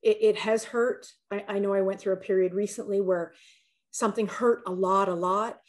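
A woman's voice: mid-range voice, fairly even intonation, moderate pace. A woman coach talking as a podcast guest, telling personal stories in an earnest, candid way and often repeating words as she thinks aloud. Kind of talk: candid conversational storytelling.

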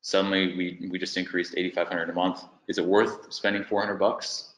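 Low, bright-toned man hosting a webinar, in a roomy echo. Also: flat delivery, moderate pace. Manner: thinks aloud while working through figures on screen. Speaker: webinar presenter. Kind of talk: business webinar walkthrough.

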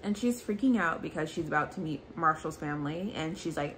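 A young adult woman giving a chatty, animated recap of a reality dating show, peppering her talk with "like". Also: deep voice, brisk, a little hiss or hum. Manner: chatty, animated quoting with frequent "like". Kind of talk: casual recap commentary. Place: apartment in New York.

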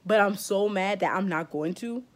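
A woman's voice: mid-range voice, normal speed. Fired-up woman ranting, close to tears. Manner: fired-up, emotional and blunt, with casual slang. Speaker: beauty vlogger. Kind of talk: heated vlog rant.

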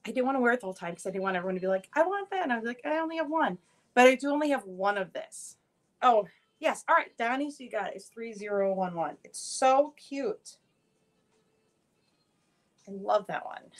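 A woman with a mid-range voice hosts a live-stream jewelry sale, talking a little fast in a chatty, upbeat way. She shows off pieces and greets viewers by name in casual sales banter.

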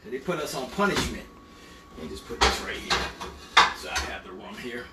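A man's voice: mid-range voice, sing-song, normal speed, echoey room, recorded from a distance, heavy background noise. A middle-aged man, hosting a casual cooking livestream with playful exclamations, in a home kitchen. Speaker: home cook and host. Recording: kitchen with clattering dishes.

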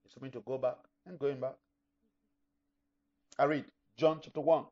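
Preaching pastor, dull lo-fi sound. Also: male voice, mid-range voice, fairly even intonation, normal speed. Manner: emphatic preaching, acts out imagined listeners. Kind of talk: sermon. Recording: dull lo-fi recording.

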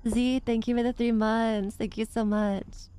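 A woman's voice: on the high side, flat delivery, unhurried, over music. A woman streamer giving chatty live commentary on a horror game, gasping and swearing easily, with a reverb filter on her voice.

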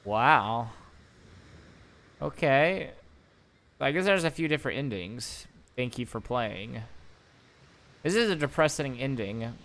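Slow and expressive, with long pauses and a fairly bright tone, a young gaming YouTuber plays through a video game. He voices the on-screen questions aloud and reacts with exclamations, his pitch mid-range, as let's play commentary.

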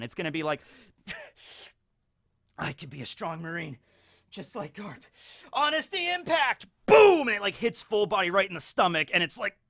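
A man's voice: a little high, no room sound, studio quality. A man giving casual, rambling fan commentary as a YouTube commentator, full of fillers. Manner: rambling, filler-heavy, animated.

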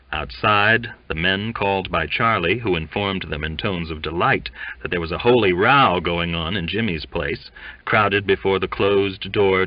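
A man narrating a classic novel in an audiobook, reading in a measured, deliberate way. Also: sits low, no echo. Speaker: audiobook reader. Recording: dull lo-fi dry recording.

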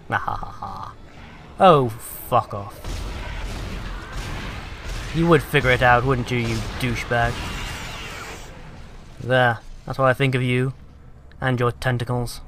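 A man's voice: medium pitch, fairly bright tone. British guy doing let's play commentary, mocks the monsters, lots of swearing, faint noise behind. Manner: sarcastic, sweary, taunting the game's enemies.

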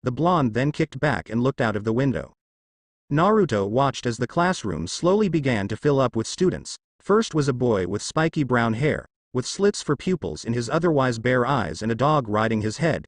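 Man, storybook narrator, lively pitch, dry close sound. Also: normal speed, no echo. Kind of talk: fanfiction audiobook narration.

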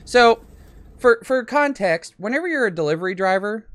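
A man's voice: high voice, animated, normal speed, a bit bright. A man hosting a reaction video, commenting on clips in an irritated, ranting way.

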